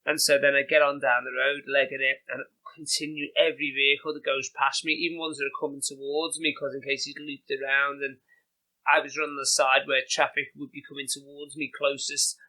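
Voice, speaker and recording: A man with a Liverpool Scouse accent, a podcast guest telling animated, chatty stories with lots of "you know" and "like". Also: mid-range voice, a little fast, low-quality recording. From England. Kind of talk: casual anecdotal storytelling.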